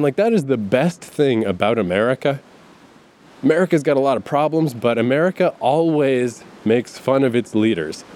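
Profane, rambling man with a middle-pitched voice. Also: a little mellow. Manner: profane, laughs often, many fillers and asides. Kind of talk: casual rambling monologue.

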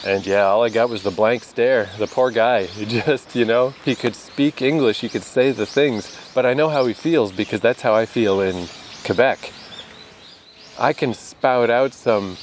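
Out in the rain, a Canadian man vlogs in a relaxed monologue, his medium-pitched voice moving a little slowly over slight background noise. Frequent laughter and the odd curse word punctuate his talk.

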